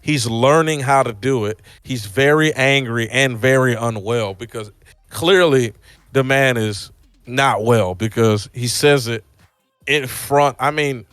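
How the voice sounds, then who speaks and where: A man co-hosting a casual movie review podcast, talking in an excitable, animated way. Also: mid-range voice, measured pace, smooth, no echo, clean studio sound. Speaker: podcast co-host.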